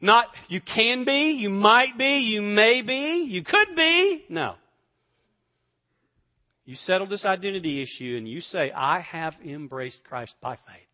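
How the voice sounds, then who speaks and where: A high-pitched man delivers a sermon with slow, deliberate pacing. He swings between loud, emphatic bursts and hushed, almost whispered lines. The recording sounds slightly dull. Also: lively intonation. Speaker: pastor.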